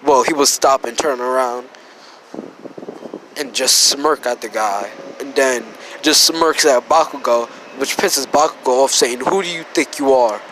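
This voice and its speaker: A man's voice: mid-range voice, measured pace, fairly bright tone, low-quality recording. A man with a sick voice casually narrating a fan story, rambling and correcting himself. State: sick, rough voice. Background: faint background noise.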